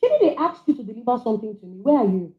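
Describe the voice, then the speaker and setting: A woman's voice: fairly high pitch, big pitch swings, very fast, reverberant, narrow, tinny audio. A woman giving passionate, scolding commentary on a livestream as she reads out charges.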